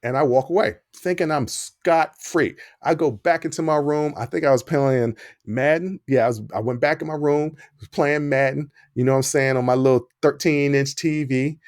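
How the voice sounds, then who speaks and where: A man hosting a podcast, telling a personal story in a casual, animated way. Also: on the high side, moderate pace, hardly any pauses, no echo, studio quality. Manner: animated, acts out the quoted dialogue. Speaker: podcast host.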